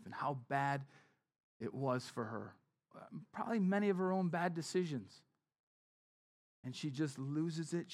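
Male preacher, conversational sermon storytelling, slightly high pitch, hushed at times. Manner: conversational storytelling, often dropping to a soft, hushed tone.

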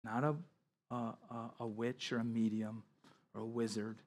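A man's voice: medium pitch, flat delivery, normal speed, darkish tone. A man preaching a sermon, reading scripture aloud and explaining it with emphatic asides. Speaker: pastor.

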